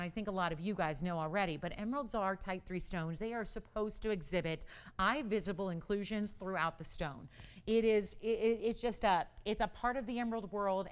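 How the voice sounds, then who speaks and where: A woman hosting a live jewelry shopping broadcast, chatty and upbeat, talking straight to the viewers as she makes her sales pitch. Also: clean tone. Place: television studio.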